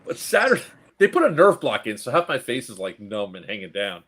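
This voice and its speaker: Middle-aged man, husky voice, animated and profane, casual storytelling co-host. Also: mid-range voice, brisk. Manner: animated, profane, acts out quotes. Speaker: stream co-host.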